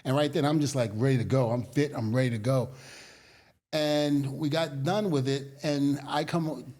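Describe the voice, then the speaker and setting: A middle-aged man, a guest in an interview, telling animated stories in a casual way and laughing often as he goes. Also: medium pitch, normal speed.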